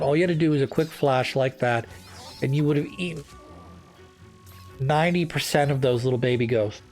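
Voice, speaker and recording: A gaming channel host runs a let's-play, his mid-range, slightly mellow voice moving fairly quickly. He rambles from topic to topic as he plays, full of fillers and restarts, with soft music in the background.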